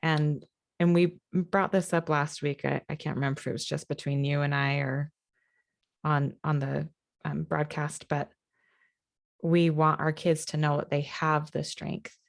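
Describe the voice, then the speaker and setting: Woman host, very low pitch, earnest, talks straight to parents, casual chat. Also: little pitch movement, unhurried, vocal fry. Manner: earnest, addresses parents directly, sums up points.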